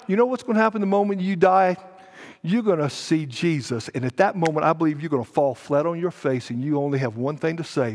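Dramatic high-voiced preacher in a reverberant church. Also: male voice, fast. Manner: dramatic storytelling, big swings between hushed and loud. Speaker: pastor. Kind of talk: sermon. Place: church sanctuary. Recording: long church hall reverb.

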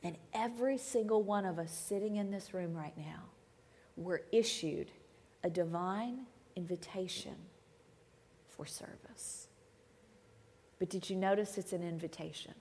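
A woman guest preacher delivering a conversational sermon, swinging between emphatic lines and hushed asides. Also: mid-range voice, moderate pace, a little hiss or hum. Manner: conversational, dramatic shifts between loud and hushed. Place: church sanctuary. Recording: long hall reverb.

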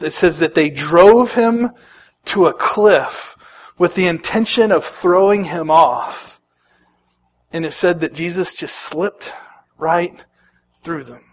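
A man preaching a sermon as a pastor, animated, acting out the people he quotes, with sudden swings between loud and soft. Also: sits high.

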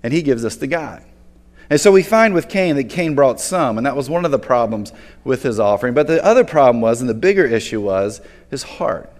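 A man's voice: mid-range voice, lively intonation, brisk, darkish tone. A man preaching a sermon as a pastor, talking casually and conversationally and often restarting words. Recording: long hall reverb.

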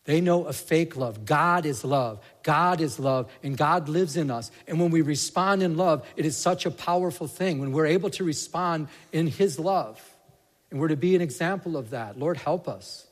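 Male pastor, casual sermon delivery that builds to fervor, higher-pitched, echoing hall. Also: normal speed. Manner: conversational, rising to passionate emphasis. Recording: reverberant hall.

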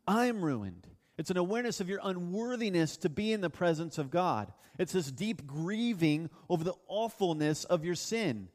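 Pastor, male, high voice, earnest emphatic sermon, recorded with long church-hall reverb. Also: expressive, a little mellow. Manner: earnest, emphatic preaching with slow drawn-out stresses.

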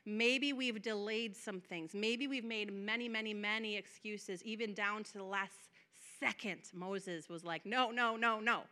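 A woman preacher delivering an impassioned sermon, moving between soft, drawn-out passages and loud, emphatic declarations. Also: mid-range voice, steady tone. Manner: acts out quoted prayers and dialogue.

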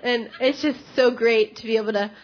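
A young woman giving a personal testimony in church, chatty and animated, with many fillers. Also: fairly high pitch, fairly quick, slight background noise. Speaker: church member sharing a testimony. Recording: dull lo-fi church recording.

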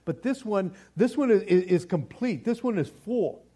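A man preaching a sermon in an animated, casual way, repeating words for stress and dropping in slang. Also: high-pitched, normal speed, husky. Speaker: pastor.

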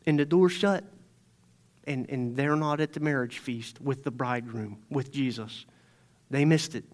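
A man preaching a sermon, reading scripture and then building from quiet, grave emphasis to loud, impassioned points. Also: mid-range voice, a little slow. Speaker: pastor.

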